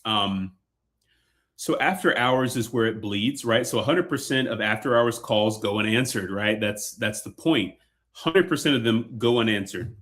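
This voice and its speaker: A man leads a casual sales webinar, his voice on the low side. He talks loosely, with many fillers and restarts. His words come in an easygoing, chatty stream. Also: measured pace, fairly bright tone. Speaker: webinar presenter.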